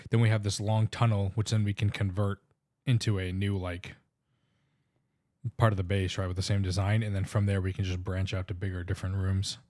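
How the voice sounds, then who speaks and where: A man's voice: low voice, level tone, a little fast, darkish tone, dry recording, studio quality. A man with an Indian accent streaming a game, explaining plans in a rambling, casual way. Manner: rambling, restarts sentences while explaining plans. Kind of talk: casual live-stream chat.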